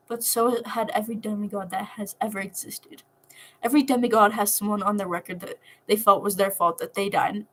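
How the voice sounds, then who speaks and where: A woman voicing a guarded but fiercely protective young man, speaking earnestly and softly. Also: fairly high pitch, close to an everyday voice.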